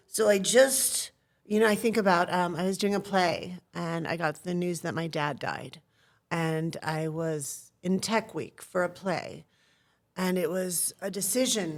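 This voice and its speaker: Earnest woman telling personal stories. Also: mid-range voice. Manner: earnest and storytelling, acts out quoted voices. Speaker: guest, acting teacher. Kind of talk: reflective interview talk.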